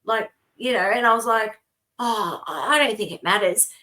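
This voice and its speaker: An Australian woman in middle age co-hosts a relaxed podcast. She tells long personal stories in a meandering, chatty way, often breaking into laughter as she goes. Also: medium pitch, moderate pace. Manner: rambling storytelling with frequent laughs. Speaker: co-host. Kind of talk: casual podcast chat.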